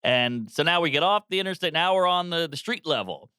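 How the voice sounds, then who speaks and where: A man in his thirties, a comedian guest telling a wild story on a podcast, animated with sudden loud yelps. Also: a little high, fairly quick, clean tone, no room sound, clean studio sound. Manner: animated, bursts into loud yelps and put-on voices.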